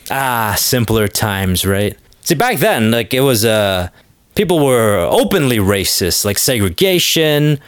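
A man's voice: medium pitch, sing-song, measured pace, smooth, dry recording, clean studio sound. A man doing a comedic monologue with a rambling, sarcastic delivery full of fillers. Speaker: comedic podcast host.

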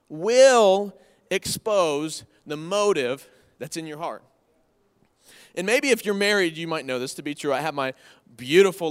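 A man's voice: on the high side, clean tone. A man in his thirties preaching a conversational sermon, folksy and repeating key phrases for emphasis. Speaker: pastor. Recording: long hall reverb from the room.

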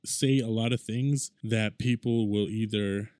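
A man's voice: lowish voice, fairly even intonation, measured pace, darkish tone, clear, resonant tone, dry recording, clean studio sound. A young man in his twenties hosting a casual solo podcast, talking in a rambling, conversational way with lots of fillers. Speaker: podcast host.

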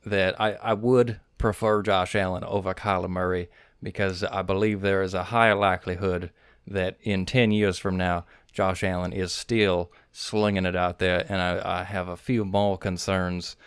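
A man co-hosting a casual podcast, speaking in a measured, mock-formal way. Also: sits low, flat delivery, clean tone, no room sound, clean studio sound. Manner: measured and mock-formal, with polite sir-style replies. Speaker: podcast co-host. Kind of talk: casual podcast banter about fantasy football.

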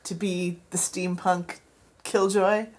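A woman co-hosting a radio show in casual chat, telling animated stories and laughing often. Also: lowish voice, slow pace.

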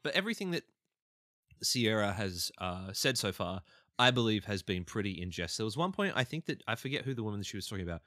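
A man's voice: on the low side, sing-song, fast talker, pushed and bright, no echo, studio quality. A young man co-hosting a podcast, chatting casually and playfully. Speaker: podcast co-host. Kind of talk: casual recap chat.

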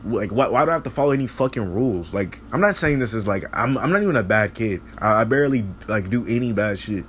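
Teenage boy, frustrated profane rant, rambling restarts, mid pitch, faint background ambience. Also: a little hiss or hum. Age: teens. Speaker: high school student venting. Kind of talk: casual rant.

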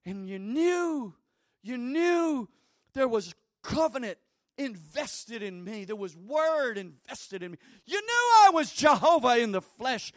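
A male preacher voicing Jesus, who blesses a healed woman in slow, swelling, emphatic proclamations. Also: very high voice, fairly bright tone, no room sound, clean studio sound, exaggerated voice.

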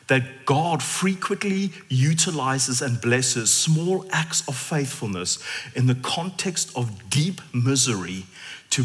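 A man preaching a sermon in a church, theatrical and animated, at times dropping to a hushed intensity. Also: medium pitch. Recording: long church hall reverb.

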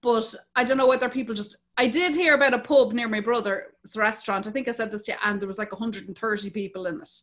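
A middle-aged woman chats away as a podcast host, casual and a little salty. Her voice sits a touch high and rings bright and forward. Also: fairly even intonation, fast talker, few pauses. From Ireland. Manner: chatty, swears casually, acts out quotes. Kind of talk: casual chat.

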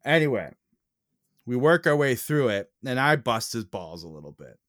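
A man's voice: mid-range voice, sing-song, moderate pace, fairly bright tone, dry recording, studio quality. A young man co-hosting a podcast, telling stories with mock indignation and lots of teasing. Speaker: podcast co-host. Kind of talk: casual chat.

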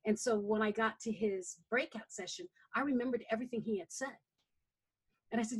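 In a casual conversation, a guest coach, a woman, spins lively stories and performs other people's quotes. She talks briskly in a slightly rough voice that sits on the high side.

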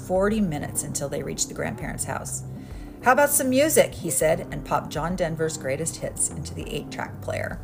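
A woman's voice: sits low, steady tone, moderate pace, vocal fry, few pauses, over music. A woman podcast host narrating a story in a dry, matter-of-fact way.

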